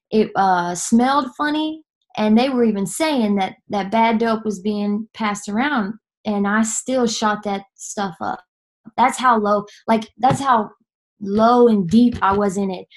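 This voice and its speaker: A young woman from Nashville, giving an earnest personal testimony that halts and restarts often. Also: mid-range voice. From Nashville, Tennessee. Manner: earnest, halting, many fillers and restarts.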